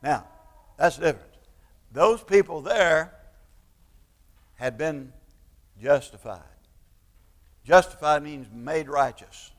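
A male pastor delivers a sermon in a somewhat high voice, repeating words as he searches for them and then pressing his points hard. His voice rings through a hall with a long reverb. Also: expressive. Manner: halting restarts, building to loud emphatic preaching.

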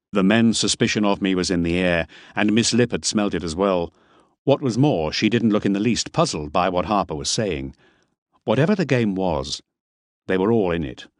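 Brief: wry first-person male narrator, animated delivery, dry studio sound. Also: low voice, brisk, dry recording. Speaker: audiobook narrator.

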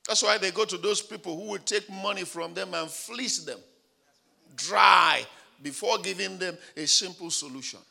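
A male pastor preaching a dramatic sermon, building up to shouted declarations. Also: high-pitched, normal speed, gravelly.

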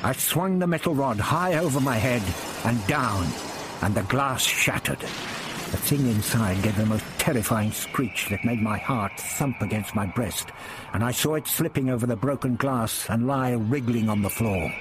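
A man reading a first-person adventure story aloud in a measured, dramatic storytelling manner. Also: medium pitch, noisy background. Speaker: audiobook narrator. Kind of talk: scripted first-person narration.

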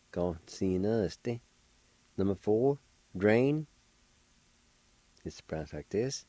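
Man, middle-aged, radio language lesson, patient, repeats each word, mellow tone, dry studio sound. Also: lowish voice, animated, extremely slow, pauses often, no echo, rough recording. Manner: patient, spells letter by letter and repeats words. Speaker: radio host teaching a language. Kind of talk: slow spelling and pronunciation lesson.

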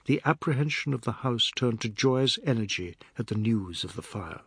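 A husky-voiced male audiobook narrator delivers scripted narration in a measured, steady storytelling manner. His voice sits in the mid-range, with no echo.

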